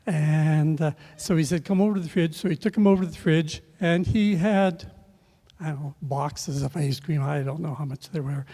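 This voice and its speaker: An older man telling a rambling personal story at a memorial service, halting with many filler pauses and restarts. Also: on the high side, dark tone. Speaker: speaker sharing a memory at a memorial. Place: event room at a memorial service. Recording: long reverb of a large hall.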